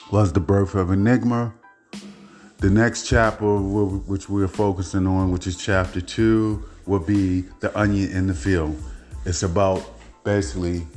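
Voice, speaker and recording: A man hosting his own show, telling family stories in a rambling, animated way with frequent laughs. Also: on the low side, echoey room. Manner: rambling, animated, laughs often, repeats himself. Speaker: podcast host and author. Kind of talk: casual personal storytelling.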